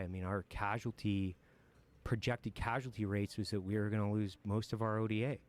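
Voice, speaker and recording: Low-voiced man recounting combat bluntly. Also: level tone, normal speed. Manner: profane, frank and reflective, with bursts of nervous laughter. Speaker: military veteran guest. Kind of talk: candid war storytelling in a podcast interview.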